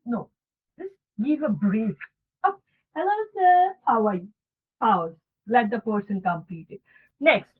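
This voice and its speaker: High-voiced woman trainer over a tinny line. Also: moderate pace. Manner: animated, acts out sample dialogues, checks in with "okay" and "guys". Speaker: communication skills trainer. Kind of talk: online class lecture. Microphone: video call. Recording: tinny phone-like online class audio.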